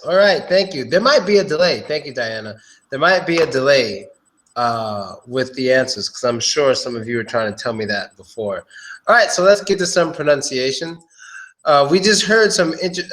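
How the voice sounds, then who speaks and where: A man's voice: mid-range voice, fairly bright tone. A man giving a casual, joking live-stream pronunciation lesson, talking straight to his viewers. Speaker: English pronunciation teacher.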